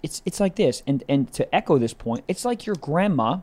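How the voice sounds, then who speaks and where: A young man co-hosting a comedy podcast, talking crudely and animatedly, swinging between loud bursts and low drawn-out lines. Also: sing-song. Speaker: podcast co-host.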